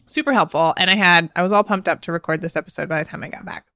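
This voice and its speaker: A woman's voice: lowish voice, racing, sharp tone, no echo, studio quality. A woman in her thirties, a podcast host, telling a personal story in a casual, chatty way with frequent laughs and fillers. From United States.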